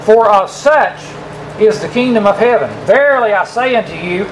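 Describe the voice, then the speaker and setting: Preacher guy, kinda high voice, drags out the scripture words, keeps asking the room questions, faint hum behind. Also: lively intonation, low-quality recording. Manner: emphatic, drawn-out stress on scripture quotes; asks the audience rhetorical questions. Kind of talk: sermon.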